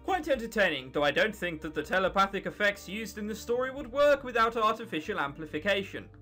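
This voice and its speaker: A woman's voice: medium pitch, expressive, pushed and bright, faint music behind. A woman reading a dry, formal scientist man. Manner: measured and formal.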